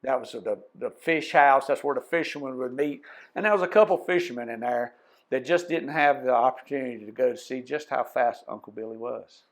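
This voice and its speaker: A man's voice: medium pitch, a little fast. A man telling folksy tall tales to a live audience, speaking to them directly as co-host. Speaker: storyteller co-host. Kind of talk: live storytelling before an audience. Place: museum parlor talk.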